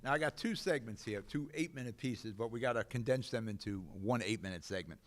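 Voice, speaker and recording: A man's voice: medium pitch, a little fast. A man hosting a local politics talk show, blunt and rambling, with frequent fillers. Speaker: host. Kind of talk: opinionated local politics commentary.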